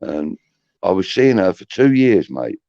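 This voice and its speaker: A man's voice: low voice, big pitch swings, measured pace, gravelly, mellow, no echo. A middle-aged man, hosting a podcast and rambling through chatty, swear-laden anecdotes. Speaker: podcast host. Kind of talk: casual storytelling. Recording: dull, muffled audio.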